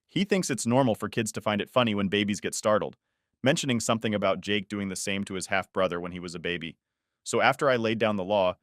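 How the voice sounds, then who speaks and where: A man narrating first-person stories in an even, unhurried storytelling read. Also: lowish voice, no echo, studio quality. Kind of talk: scripted narration.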